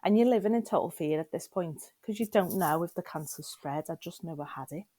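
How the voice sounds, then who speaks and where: A woman's voice: lowish voice, fairly quick, dark tone, slightly rough, no echo. A middle-aged woman frankly and emotionally telling her personal story as a podcast guest, often turning to the listener with questions.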